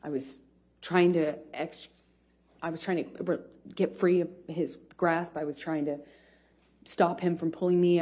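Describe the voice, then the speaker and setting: A woman testifying as a witness in a courtroom, speaking haltingly with many pauses and restarts. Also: deep voice, warm tone. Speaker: trial witness.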